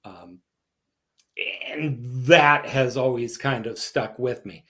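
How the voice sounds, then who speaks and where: Speaking slowly in a mid-range voice, a man from Canada appears as a guest author in a relaxed interview. He's a lively storyteller who acts out the voices of whoever he's quoting.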